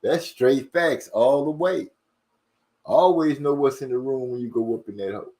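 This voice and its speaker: A man hosting a casual livestream, reading viewer comments aloud and rushing and stumbling over his words. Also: medium pitch, dark tone. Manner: fast-talking, rushes and stumbles over words. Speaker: livestream host.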